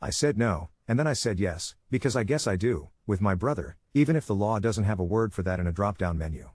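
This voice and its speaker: Man, story narration, steady measured reading, slightly low voice, dry close sound. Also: no echo. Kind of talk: scripted first-person story narration.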